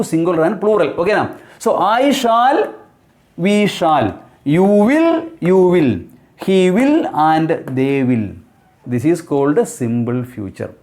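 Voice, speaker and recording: High-voiced man teaching grammar. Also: a little mellow. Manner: repetitive, rhetorical questions, many fillers. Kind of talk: explaining grammar lesson.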